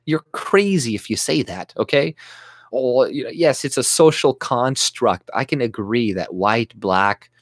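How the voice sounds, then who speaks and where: A man's voice: medium pitch, expressive, measured pace, husky, no echo, clean studio sound. A man delivering an agitated, profane, sarcastic political rant to camera, often restarting his sentences. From Canada. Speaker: YouTube commentator.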